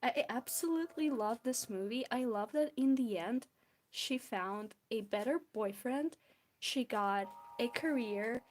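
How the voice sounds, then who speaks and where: Giggly young woman w a belarusian accent, kinda high voice, talks slow to her chat while drawing. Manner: bubbly, giggly, chatting with viewers. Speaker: art streamer.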